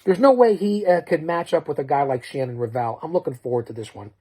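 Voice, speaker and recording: A man's voice: on the high side, quick pace, darkish tone, husky. A middle-aged man hosting a wrestling-style trash-talk promo, bombastic and rambling, stumbling over restarts as he hypes upcoming matchups. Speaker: show host promoting matchups.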